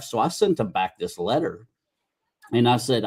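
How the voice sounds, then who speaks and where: A man's voice: mid-range voice, big pitch swings, moderate pace, pauses often, a little mellow. A middle-aged man hosting a podcast, telling rambling, folksy stories in casual chat with restarts and mild cursing. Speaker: podcast host.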